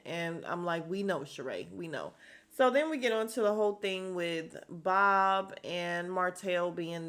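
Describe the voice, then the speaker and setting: Woman podcast host, chatty gossip recap with animated quoting. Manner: animated storytelling, acts out quotes with pitch jumps. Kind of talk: casual chat. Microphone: podcast mic.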